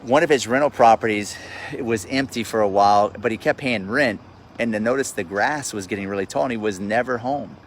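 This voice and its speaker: A man's voice: fairly low pitch, a little fast, a little hiss or hum. A man, ranting bluntly and with profanity on an outdoor live stream, often repeating himself as he gets worked up. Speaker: real estate investor hosting a live stream. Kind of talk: casual livestream rant. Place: outdoors at sundown. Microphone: phone livestream.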